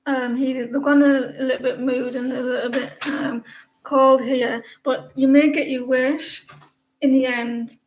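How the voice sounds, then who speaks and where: A woman's voice: high-pitched, level tone, unhurried, highs cut off. A woman giving a live, casual tarot reading. She is chatty, laughs often and breaks off mid-sentence. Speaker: tarot reader. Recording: echoey room with faint background noise.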